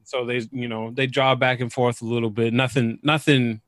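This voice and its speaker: A laid-back man co-hosts a casual sports podcast. He speaks in a halting way, often restarting his sentences. The sound is dry and close. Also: medium pitch, little pitch movement, no echo. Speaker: podcast co-host.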